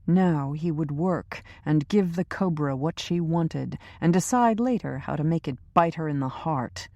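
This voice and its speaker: Brief: woman narrator for a thriller audiobook, low pitch, dry close sound. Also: a little slow, a little mellow, no echo, dull audio.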